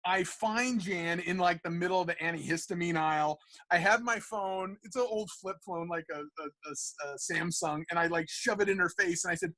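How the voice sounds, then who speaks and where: The comic book artist's voice is high-pitched and a little fast as he recounts a casual anecdote on the podcast, animated, profane and meandering, packed with fillers.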